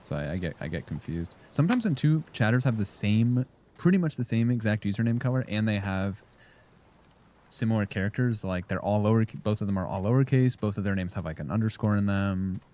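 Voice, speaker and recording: A man's voice: lowish voice, animated, a little fast, a little mellow. A man streaming a game, rambling and joking casually as he talks to his chat. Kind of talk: casual live-stream chat while gaming.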